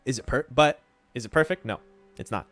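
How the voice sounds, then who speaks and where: Male streamer, mid-pitched, casual teaching chat to viewers, light guitar bed. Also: fairly quick, a bit bright. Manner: thinks aloud, answers chat questions, keeps checking with "right?". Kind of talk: casual livestream talk to chat.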